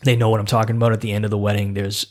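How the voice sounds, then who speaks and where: A man's voice: lowish voice, level tone, racing. A man hosting a podcast, telling stories casually and punching them up with short repeated phrases, in a small home gym room. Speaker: podcast host. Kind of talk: casual chat.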